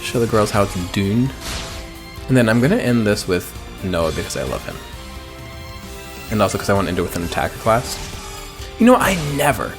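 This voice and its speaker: Rambling, lively gamer commentary. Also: male voice, medium pitch. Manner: rambling, crude jokes. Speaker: let's player. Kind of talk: casual gameplay commentary. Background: game music.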